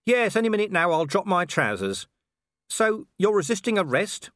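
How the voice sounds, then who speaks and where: A man's voice: sits high, big pitch swings, normal speed, fairly bright tone, dry recording, voice pushed up. Man doing a weary sardonic copper, slightly raised voice, dry delivery, audiobook. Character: weary, dry-witted middle-aged male watch commander.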